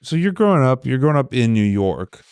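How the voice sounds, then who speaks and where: A man's voice: medium pitch, very animated, fairly quick, a little mellow, clean tone, dry recording, studio quality. A man hosting a podcast, chatting casually and nodding along with "yeah" and "right". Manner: eager listener, constant "yeah" and "right". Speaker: podcast host. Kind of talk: casual chat.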